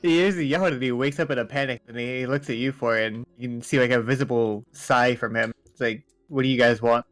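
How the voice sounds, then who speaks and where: A man's voice: medium pitch, fairly even intonation, quick pace, hardly any pauses, a bit bright, no room sound, soft background music, rough recording. A young man narrating a tabletop game as dungeon master, laid-back and hesitant with many fillers.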